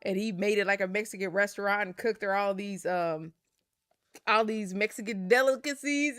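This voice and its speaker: A woman's voice: medium pitch, moderate pace, a bit bright, dry recording, clean studio sound. A young adult woman vlogger chatting casually and laughing often while opening card packs.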